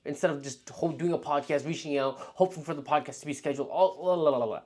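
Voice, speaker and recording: A young man talking casually to camera as a vlog host, telling animated stories and acting out his past thoughts, with lots of "like.". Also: fairly high pitch, quick pace. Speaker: freelance marketer and video host.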